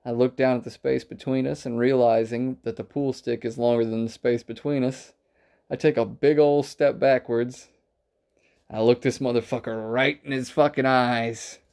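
A man's voice: medium pitch, fairly even intonation, moderate pace, vocal fry, darkish tone. A man casually telling a rambling, profane story about a bar night, acting out the quotes. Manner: profane, rambling anecdotal delivery with acted-out quotes.

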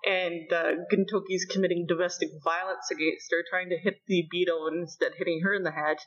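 A woman's voice: on the low side, fairly quick. Canadian woman recapping manga, lo-fi. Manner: animated storytelling, laughs often. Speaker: podcast co-host recapping manga. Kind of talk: casual chat.

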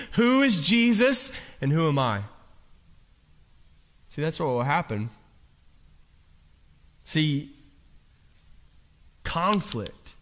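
A man preaching a sermon, telling the story dramatically and swinging between hushed and loud. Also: a little high. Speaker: pastor. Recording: long hall reverb.

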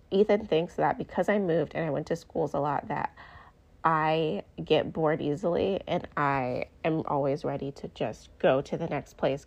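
Gravelly-voiced chatty mom. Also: female voice, sits low, a little mellow, muffled recording. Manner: chatty, rambling, lots of "like" fillers. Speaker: mother sharing parenting stories. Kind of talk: casual storytelling to camera.

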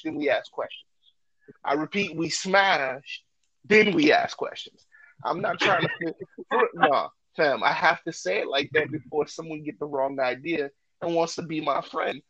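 A man co-hosting a podcast, talking loudly and joking in a casual, animated way. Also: on the high side, unhurried, husky, dry recording, dull audio. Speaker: podcast co-host.

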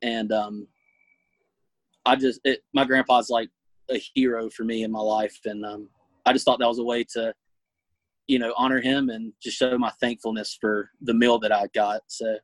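A man's voice: mid-range voice, flat delivery, dry recording, rough recording. Earnest young man, dry close sound. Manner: earnest, halting, many fillers. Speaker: guest, food reviewer. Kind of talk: casual interview.

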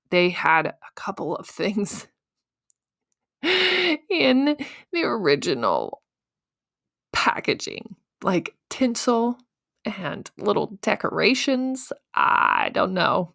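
A young adult woman hosting a podcast, telling a story in a casual, animated, self-mocking way and acting out her own panicked thoughts. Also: medium pitch, gravelly. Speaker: podcast host.

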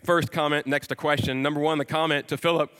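A man in his forties preaches a sermon with animated storytelling, leaning on emphatic repeated words. His voice sits a little high and rings forceful and bright. A long hall reverb trails behind each phrase. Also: fast, smooth.

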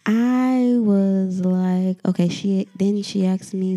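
A woman's voice: medium pitch, slow pace, few pauses, warm tone. Heated, profane woman venting on her podcast. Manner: addresses listeners directly. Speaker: podcast host. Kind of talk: emotional solo podcast monologue.

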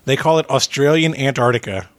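A man's voice: mid-range voice, lively intonation, a little fast, no echo. Chatty man hosting a podcast quiz. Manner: chatty, asks clarifying questions. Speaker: podcast host and quiz contestant. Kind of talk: casual chat.

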